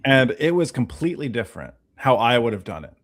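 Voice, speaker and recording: A man on a casual livestream telling an animated story, acting out the voices of the people he quotes. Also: medium pitch, a little fast. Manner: animated storyteller who acts out quoted dialogue. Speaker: guest.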